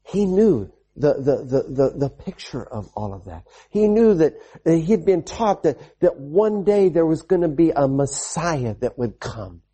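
A man preaching a children's sermon, telling a Bible story in an animated way, repeating lines and calling out amens. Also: a little high, unhurried, few pauses, husky. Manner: animated, repetitive, with call-and-response amens.

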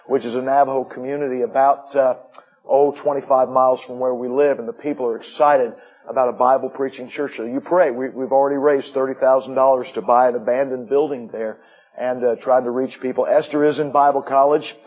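A man's voice: mid-range voice, little pitch movement, brisk, darkish tone, dull audio. A middle-aged man giving a missionary report to a church, folksy, with joking asides. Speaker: missionary preacher.

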